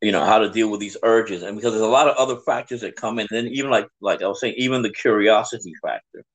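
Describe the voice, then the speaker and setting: A man's voice: fairly low pitch, fast, poor audio. A man hosting a podcast, telling stories and reflecting aloud in a casual conversation. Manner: reflective storyteller. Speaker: podcast host.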